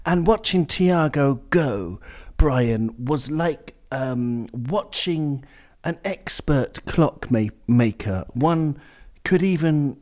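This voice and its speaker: A man's voice: a little high, lively intonation, takes it slowly, a little mellow. A man hosting a casual football chat, rambling and drifting off on tangents. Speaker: podcast host. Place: indoors during a storm with traffic outside.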